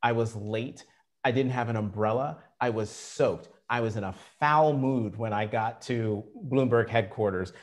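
A middle-aged man telling career stories in an interview, animated and acting out the quotes. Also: fairly low pitch, a little slow. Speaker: journalist guest. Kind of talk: storytelling interview.

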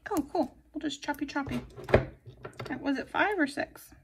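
A chatty, giggly woman talks through her planner decorating in a high, light voice. She keeps up a bubbly running commentary and now and then trails off into quiet murmurs. Faint background noise and small clicks sit under her voice. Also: moderate pace, gravelly. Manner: chatty and giggly, drifting into soft murmurs while crafting. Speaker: planner vlogger. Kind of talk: casual plan-with-me narration.

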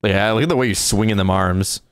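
A man livestreaming a video game, chatting casually and reacting out loud as he plays. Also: lowish voice, fairly quick, clear, resonant tone, dry recording. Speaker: gaming streamer. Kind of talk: casual live gameplay commentary.

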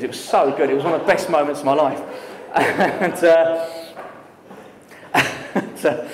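Animated man telling a story in an echoey hall. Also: on the high side, slight background noise. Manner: animated, laughing, lively storyteller with many fillers. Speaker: guest speaker. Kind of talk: storytelling at a live talk. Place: talk venue with audience. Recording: echoey hall with long reverb.

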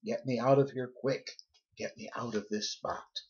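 A man voicing a huge male goldfish, scolding slowly and gruffly and demanding to be let out. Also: medium pitch, fairly even intonation, a little mellow. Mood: angry, blaming. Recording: dull lo-fi recording.

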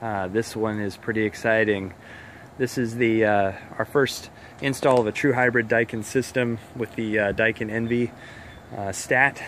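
A man's voice: lowish voice, fairly even intonation, normal speed, fairly bright tone, a little hiss or hum. A man giving a casual walkthrough of a home install, chatty and a little out of breath, explaining as he walks. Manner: chatty, explains on the move with many fillers. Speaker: heating contractor giving a walkthrough. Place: house, indoors and outdoors.

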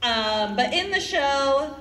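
A woman in her thirties speaks on a convention stage, poking fun at herself in a bright voice. The sound is echoey and picked up from a distance in a large hall. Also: high voice, animated, slow pace. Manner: self-deprecating, laughs between stories. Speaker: voice actress on a convention panel. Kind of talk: casual panel chat.

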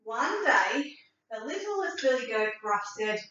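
Woman teacher, expressive, far-off dull sound. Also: a little high. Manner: slow, clear and expressive. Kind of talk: storytelling and writing lesson for young children. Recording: echoey room from far off, dull.

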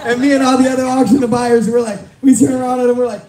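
A man in his twenties telling a story at a live fan event, halting, with many fillers and restarts. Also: very high voice, little pitch movement. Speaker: YouTube reseller, cohost. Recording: echoey hall with crowd.

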